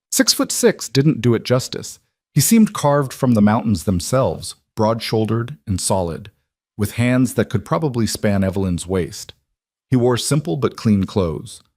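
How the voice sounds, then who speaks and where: A man reading a frontier romance story aloud as narrator, measured and steady, lifting his voice for the women's lines. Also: dry recording, studio quality. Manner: measured storytelling, lifts pitch for women's dialogue. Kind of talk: scripted narration.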